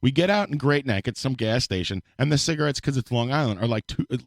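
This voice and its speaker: A man's voice: medium pitch, quick pace, dry recording. New guy telling a story, swears a lot, voice jumps around, dry close mic. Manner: profane, animated storytelling. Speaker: podcast co-host. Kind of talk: casual storytelling chat.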